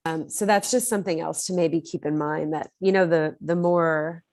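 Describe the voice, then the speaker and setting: A woman on a committee speaking haltingly, searching for words, in a virtual meeting. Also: low voice, fairly even intonation, darkish tone, no echo. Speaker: committee member. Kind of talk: meeting discussion. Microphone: video call.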